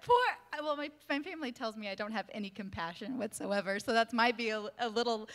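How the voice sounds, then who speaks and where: A woman's voice: a little high, quick pace, a bit bright. A female pastor giving a candid, conversational sermon, laughing easily.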